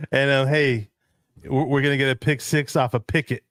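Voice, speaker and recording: A man's voice: medium pitch, fairly even intonation, a little slow, a bit bright, no echo, studio quality. Chatty man hosting a live sports show. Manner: chatty, laughs often, reads viewer comments. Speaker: host. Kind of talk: casual live sports chat.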